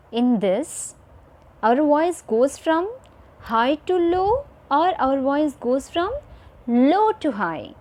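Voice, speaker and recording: A woman's voice: high voice, big pitch swings, takes it slowly, darkish tone. A woman teacher giving a recorded video lesson to children, repeating each point and checking in with "fine" and "okay".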